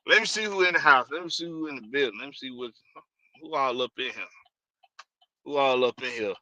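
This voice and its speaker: A man's voice: medium pitch, brisk, sharp tone, no echo. A man hosting a casual live stream, rambling loosely and greeting viewers by name.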